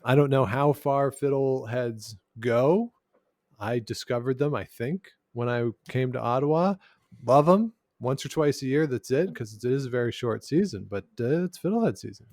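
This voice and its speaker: A man's voice: medium pitch, moderate pace, darkish tone, dry recording, clean studio sound. A man co-hosting a podcast in casual chat, jokey and talkative, with filler "uh"s. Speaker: podcast co-host. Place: lives in Canada's capital.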